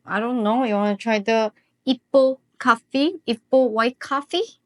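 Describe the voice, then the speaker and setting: A woman's voice: on the high side, measured pace, no echo. A woman cooking at home and chatting playfully, dropping in bits of Malaysian slang as she talks. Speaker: home cook. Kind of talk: casual cooking vlog chat.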